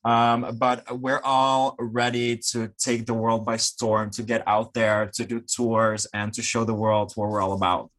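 A man with a Dutch accent chats as a podcast guest. He speaks at an ordinary pitch and tells his stories with lively, self-mocking humor. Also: unhurried, few pauses. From Netherlands. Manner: animated, laughing, self-mocking storyteller. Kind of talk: casual chat.

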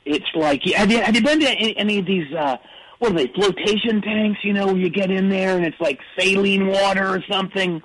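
A man's voice: high-pitched, a little fast, a bit bright, low-quality recording. A man on a comedy call-in show impersonating an aging male rock star who rambles through earnest, absurd boasts. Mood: rambling. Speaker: caller. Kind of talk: comedic impression on call-in radio.

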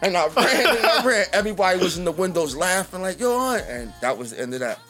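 Man, podcast guest, high voice, lively storytelling, acts out quotes, faint music behind. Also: fast. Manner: animated, acts out other people's lines; laughs often while telling. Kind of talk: casual storytelling.

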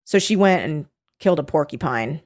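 A woman's voice: animated, normal speed, darkish tone. Chatty woman telling a story. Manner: chatty, fillers, acts out quotes in squeaky high voices. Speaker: co-host recounting a reality show. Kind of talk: casual chat.

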